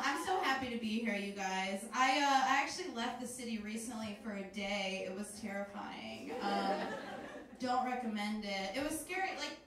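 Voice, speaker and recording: A woman's voice: mid-range voice, recorded from a distance. A young woman performing a stand-up comedy set on a club stage, talking in a chatty, rambling way with lots of fillers. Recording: roomy club sound heard from afar, crowd noise. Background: audience laughter.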